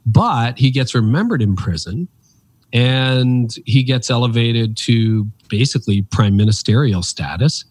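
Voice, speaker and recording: A man in his fifties speaking as an interview guest, a practiced speaker. He tells stories with emphatic, animated energy, and his pitch leaps high when he stresses a point. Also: a little slow, husky, no room sound. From Canada. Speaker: podcast guest, author and speaker. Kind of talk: reflective interview storytelling.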